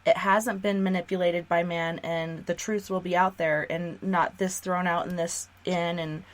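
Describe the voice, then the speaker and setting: A woman's voice: lowish voice, steady tone, measured pace. A woman hosting a radio talk show, sharing her beliefs earnestly in casual conversation. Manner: earnest, talks through beliefs. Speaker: radio host.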